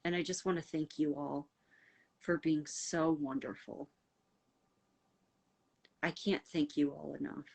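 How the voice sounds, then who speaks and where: Low-pitched American woman, middle-aged, rambling livestream host, heartfelt and filler-heavy. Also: steady tone, a little slow, gravelly, long pauses, a little mellow. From United States. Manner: rambling and heartfelt, full of fillers, answering viewer comments. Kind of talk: casual livestream chat.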